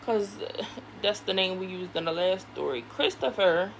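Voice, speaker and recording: A woman vlogger chatting through a storytime while she does her makeup, animated and candid, acting out the people in her story and swearing casually. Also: medium pitch, normal speed, a little hiss or hum, low-quality recording. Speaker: beauty vlogger.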